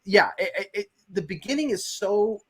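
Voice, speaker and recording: A man's voice: high voice, animated, moderate pace, breathy edge. A man talking as a guest screenwriter in a casual film discussion, rambling and emphatic, swearing freely.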